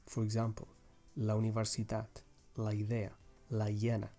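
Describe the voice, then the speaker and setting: A young man with a mellow, darker tone teaches a language lesson. He explains grammar rules patiently and methodically, one step at a time, sometimes restarting a phrase as he goes. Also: fairly low pitch, monotone, moderate pace, soft background music.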